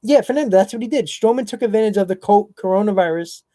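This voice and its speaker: A man's voice: high voice, quick pace, dark tone, dry recording. A man hosting a casual fan live stream, blunt and opinionated, talking to chat viewers by name.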